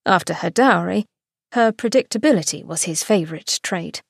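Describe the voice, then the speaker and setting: A woman giving a scripted, expressive narration of a romance novel excerpt. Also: lowish voice, moderate pace, creaky, breathy edge, dry recording, clean studio sound. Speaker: podcast host reading a novel excerpt.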